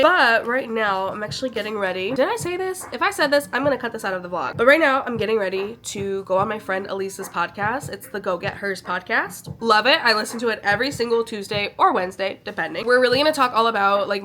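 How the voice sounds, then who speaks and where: Chatty, bright-voiced young woman vlogger. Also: mid-range voice. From Chicago, USA. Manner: chatty, sentimental, filler-heavy. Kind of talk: casual vlog chat.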